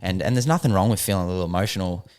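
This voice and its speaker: Low-voiced laid-back man. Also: rapid-fire, a little mellow. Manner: laid-back, swears freely, many fillers. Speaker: podcast co-host. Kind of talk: casual chat.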